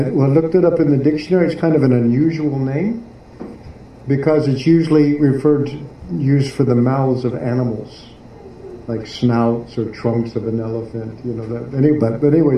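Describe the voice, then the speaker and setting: Dark-voiced man teaching, echoey and distant. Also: mid-range voice. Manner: halting, searching for words, many fillers. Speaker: spiritual teacher. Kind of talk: class explaining devotional poetry. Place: devotional garden venue in Philadelphia. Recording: echoey room, distant mic, faint noise.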